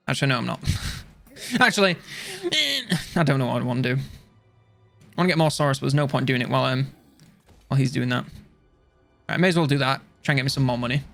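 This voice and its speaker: A young man chatting casually while playing a strategy game on stream, rambling and mocking himself with quick jokes. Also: medium pitch, gravelly, fairly bright tone. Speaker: gaming streamer. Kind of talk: casual let's-play commentary.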